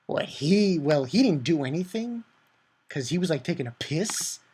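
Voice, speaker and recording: A man giving a casual manga chapter review, excitable and profane, rambling with many fillers. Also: fairly high pitch, moderate pace, a little hiss or hum.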